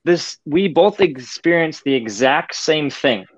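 A man's voice: fairly high pitch, takes it slowly, no echo, dull audio. A man on a podcast, talking casually and animatedly, acting out other people's voices as he explains his ideas. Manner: animated storyteller, acts out voices. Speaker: podcast guest.

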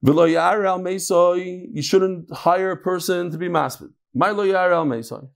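A man with a slightly high voice teaches Talmud in a casual way. He tells stories with lively swings in his voice and mixes jokes into the lesson. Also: a little slow, vocal fry. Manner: animated storytelling, lively shifts in pitch.

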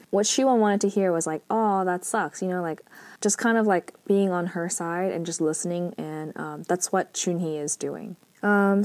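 A woman's voice: on the low side, a little mellow, dry recording. A woman casually recapping a drama episode, chatty and full of fillers.

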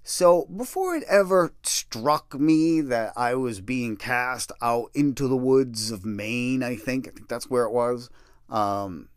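A middle-aged man spins a long personal story in casual, profane speech. His pitch rises and falls a lot as he talks. The sound is dry and close, with no room around him. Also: clean tone, no echo. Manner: profane, self-deprecating, animated storytelling.

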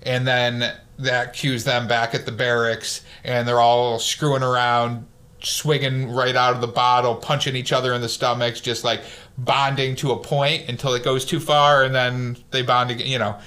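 A man's voice: medium pitch, normal speed. Guy on a podcast recapping a movie, chatty, acts out the lines. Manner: animated storyteller, acts out quotes. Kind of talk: casual movie recap chat.

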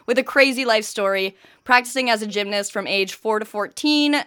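A woman hosting a podcast, reading the show intro and warmly welcoming her guest. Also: a little high, normal speed, smooth. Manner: upbeat, friendly introduction. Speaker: podcast host.

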